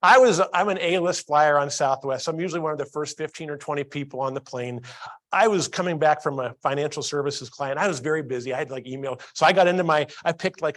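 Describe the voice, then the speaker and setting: A man with a fairly high voice gives a training talk to a live audience. He tells a story and keeps turning to the crowd with questions. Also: a bit bright. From Columbus, Ohio. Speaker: workplace training speaker.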